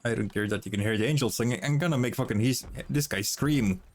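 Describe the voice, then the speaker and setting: A man's voice: mid-range voice, quick pace, a little mellow. A young man casually commenting on a video game as he plays, swearing freely and chattering playfully to his chat and the characters on screen. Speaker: streamer.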